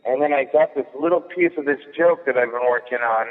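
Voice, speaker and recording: A man's voice: mid-range voice, a little fast. A male comedian chatting casually, telling a rambling story with many fillers and restarts. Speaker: guest comedian. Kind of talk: casual chat. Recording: thin phone-like sound with long echo.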